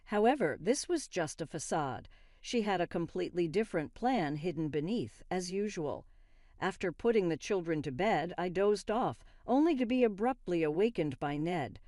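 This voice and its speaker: A woman narrating a first-person family story in a steady, scripted way. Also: fairly low pitch, normal speed, no echo, studio quality.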